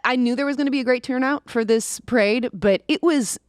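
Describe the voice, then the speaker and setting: A woman's voice: sits high, fairly quick, clean tone, no echo. A woman co-hosting a studio show, chatting in a bubbly, gushing way with frequent laughter. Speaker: co-host. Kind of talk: casual studio chat. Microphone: studio microphone.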